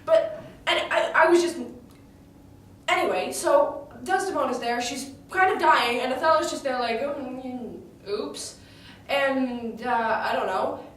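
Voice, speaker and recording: High-voiced woman in an echoey room. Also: a little slow, fairly bright tone. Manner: chatty, indignant, full of fillers and restarts. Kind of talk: in-character monologue retelling a tragedy. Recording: echoey room, distant mic, faint ambience.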